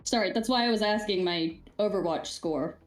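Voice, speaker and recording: A woman playing in a tabletop game, brisk and matter-of-fact when she explains the rules. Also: mid-range voice, roomy sound, faint music behind. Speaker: player.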